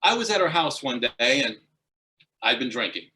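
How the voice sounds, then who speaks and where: A man with a mid-range voice speaks at a moderate pace, telling a funny true story as a guest speaker at a speaking club. His delivery is animated and builds steadily toward punchlines.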